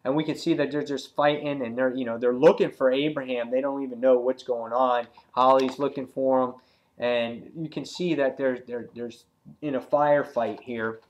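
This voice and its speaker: A man reviewing a comic book in casual talk, retelling scenes excitedly with many fillers and acting out the characters' lines. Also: mid-range voice, moderate pace, muffled recording. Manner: loose and rambling, many fillers.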